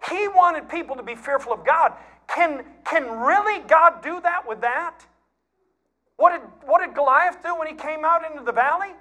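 A folksy pastor preaches with animated storytelling. His voice sits high, and it moves from quiet, hushed stretches to louder, pushed passages. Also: normal speed. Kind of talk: sermon.

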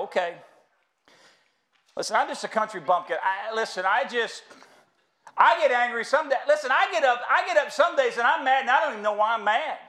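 A man's voice: extremely high pitch, a bit bright. A middle-aged American man preaching a sermon in church, folksy and storytelling, calling the congregation y'all. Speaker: pastor. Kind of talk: sermon with humor. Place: church sanctuary.

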